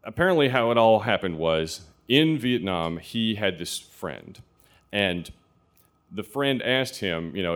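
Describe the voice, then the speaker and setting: Low-voiced man telling a personal story. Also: animated, a bit bright. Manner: earnest, confessional, with halting restarts.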